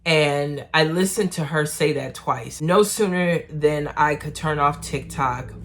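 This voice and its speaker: A woman talking slowly to her camera at home about her faith, in a soft and emotional way with pauses. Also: sits low. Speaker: vlogger. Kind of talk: personal faith vlog, candid talk to camera.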